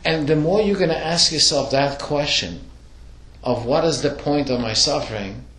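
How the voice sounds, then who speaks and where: Leading a casual religious study class, this male teacher has a slightly high, somewhat bright voice and talks at a normal speed. He explains in a conversational way while questioning the group, and the recording has a roomy quality.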